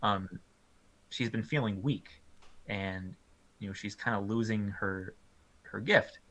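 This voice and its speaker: Bright-voiced man chatting with many ums. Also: on the low side, slow. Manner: animated, lots of ums and likes, laughs often. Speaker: film review co-host. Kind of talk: casual film review chat.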